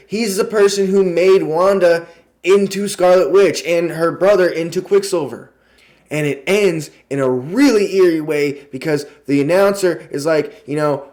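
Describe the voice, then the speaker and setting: Excitable, foul-mouthed male TV reviewer. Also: a little high. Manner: excitable, swears freely, lots of fillers. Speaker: TV show reviewer. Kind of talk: casual video review.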